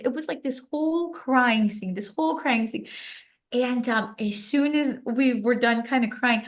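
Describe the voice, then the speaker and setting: A woman's voice: a little high, moderate pace. A young adult woman, a guest author, telling a personal story in an interview with emotion and many casual "like" fillers. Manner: emotional, animated retelling with frequent "like" fillers.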